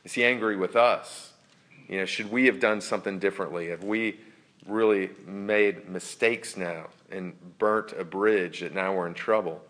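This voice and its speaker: A man preaching a sermon in an earnest, reflective way, sometimes dropping to a soft near-whisper for emphasis. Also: low voice, steady tone, moderate pace. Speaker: pastor.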